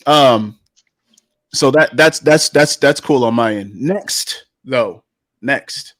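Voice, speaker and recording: A man's voice: medium pitch, drawn-out words, no room sound, studio quality. A man hosting a casual panel chat, reading out stats and stumbling over restarts. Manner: reads out stats, many restarts and fillers. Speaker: host running the tier list.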